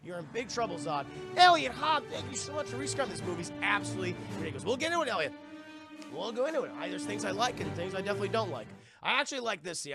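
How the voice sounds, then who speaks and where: A man's voice: sits high, vocal fry. Profane, rambling young man streaming. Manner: profane, rambling, addresses chat often; mimics sounds and thanks viewers. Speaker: streamer reviewing films. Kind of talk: casual live-stream chat.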